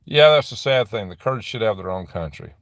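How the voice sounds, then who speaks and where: A man's voice: on the low side, lively intonation, creaky, fairly bright tone, no echo, studio quality. A middle-aged man hosting a casual live stream from a dim room on his property, rambling as he answers viewer comments. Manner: rambling, chatty, answers comments with quick laughs. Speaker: livestream host reading viewer chat.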